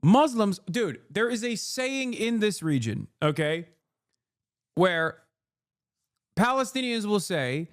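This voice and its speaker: A man's voice: high voice, big pitch swings, slow pace, pauses often, no room sound, clean studio sound. A man hosting a live stream, reacting to clips with exasperated, profane ranting. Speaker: streamer host.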